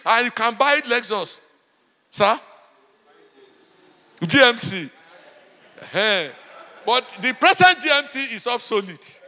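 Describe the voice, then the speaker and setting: A man's voice: very high voice, lively intonation, slow, long pauses, bright, forceful tone, long reverb tail. A middle-aged man with a Nigerian accent, a pastor preaching a sermon and telling stories, often saying "Praise God.".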